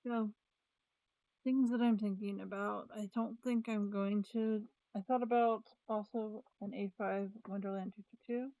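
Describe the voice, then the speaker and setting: A woman's voice: medium pitch, steady tone, a little slow, mellow, dry recording, rough recording. A woman vlogger chatting casually about planners, thinking aloud with restarts and trailing sentences. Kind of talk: casual chat.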